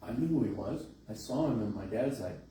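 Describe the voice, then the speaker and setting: A middle-aged pastor, animated and a little fast, tells a folksy story in a warm, fairly low voice during a sermon in a large church. The audio has hall echo, a distant mic, and faint hiss.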